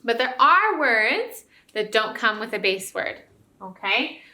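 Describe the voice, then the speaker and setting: A woman's voice: on the high side, very animated, takes it slowly, pushed and bright. A woman teacher giving a recorded spelling lesson to young students, patient and encouraging, often checking in with "okay?". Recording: roomy echo.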